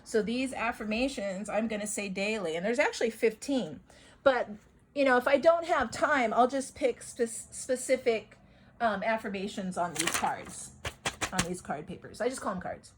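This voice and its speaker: A woman's voice: a little high, normal speed, husky, rough recording. A woman talking casually about healing stones and affirmations, rambling and repeating herself for emphasis. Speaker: spiritual video host.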